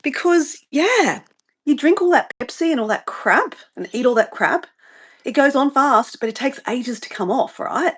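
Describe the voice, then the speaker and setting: A woman's voice: high-pitched, expressive, normal speed. A middle-aged woman with an Australian accent, chatting casually on a live stream, rambling and getting sidetracked as she answers viewer comments. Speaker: vlogger livestreaming her morning routine.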